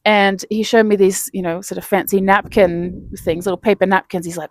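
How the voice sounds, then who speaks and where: A woman's voice: mid-range voice, steady tone, moderate pace, few pauses, dry recording. Woman vlogger, chatty and laughing. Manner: chatty, laughs between phrases. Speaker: self-help vlogger. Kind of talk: casual storytelling to camera.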